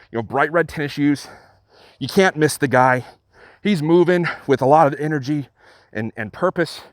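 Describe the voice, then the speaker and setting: A middle-aged man narrates a personal story for his channel in an earnest, halting way, often restarting his sentences. His voice sits a touch higher than most men's. The sound is dry and close, with no room around it. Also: no room sound. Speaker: channel host. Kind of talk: storytelling vlog.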